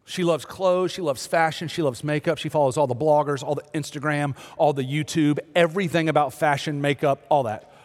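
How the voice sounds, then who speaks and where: A man's voice: on the high side, fairly quick, few pauses. A man preaching, telling a joking story about his family before turning earnest and urging the listeners. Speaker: pastor. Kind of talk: sermon with humorous story. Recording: long reverb of a large hall.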